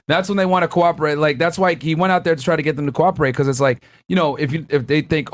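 A man talks through a crime documentary in casual, animated commentary, swearing freely and laughing between points. His voice sits a little higher than most men's. He explains the legal side like a former prosecutor. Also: a little fast. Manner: animated, profane, laughing asides.

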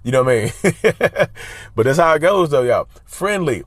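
A man's voice: fairly high pitch, animated, normal speed, no room sound, studio quality. A man talking casually to his viewers, giving advice in an emphatic, repetitive way and often calling them y'all. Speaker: advice vlogger. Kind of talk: casual talk to camera.

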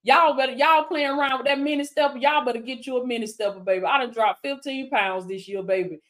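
A woman's voice: high-pitched, quick pace, a bit bright. A woman life coach on a live stream, fervently repeating affirmations, calling viewers baby and answering them by name like a preacher. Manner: preacherly call-and-response with viewers.

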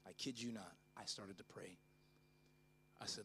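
A middle-aged man preaching a sermon at a church conference, telling a story that moves from hushed narration to loud, fervent preaching. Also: lowish voice, steady tone, a little slow, long pauses, slight background noise. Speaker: pastor.

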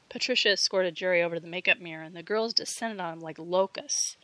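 A woman reading a fiction audiobook with steady storytelling narration. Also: fairly low pitch, fast, dry recording, rough recording.

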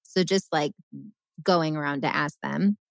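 A woman co-hosting a casual podcast, talking in an animated, chatty way. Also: sits low, a little slow, creaky, no echo.

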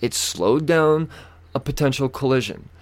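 A man's voice: mid-range voice, a little slow. A young man hosting a podcast, telling a story in casual chat, swearing heavily and acting out other people in a raised voice. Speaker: podcast host.

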